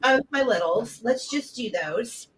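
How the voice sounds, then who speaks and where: A woman's voice: a little high, lively intonation, unhurried, crowd noise, rough recording. A woman hosting a vintage live sale, chatting playfully as she describes small collectibles. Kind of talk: casual live sale chat.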